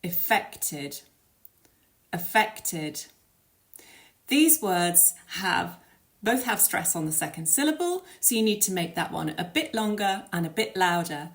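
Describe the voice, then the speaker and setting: A woman teaching an English pronunciation lesson, modelling words slowly and clearly for learners to repeat. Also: medium pitch, expressive.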